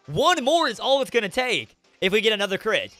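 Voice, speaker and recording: Excitable high-voiced young man gaming. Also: fast talker, dry recording, faint music behind. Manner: excitable, emotional, swings to loud frustrated shouting. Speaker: gaming YouTuber. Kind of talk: Let's Play commentary. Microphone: webcam setup with headset or desk mic.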